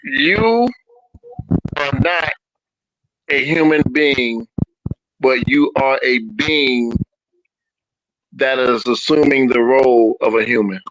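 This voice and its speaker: A man guest on a live show delivering a saying in a slow, measured way. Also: mid-range voice, fairly bright tone, no echo, rough recording.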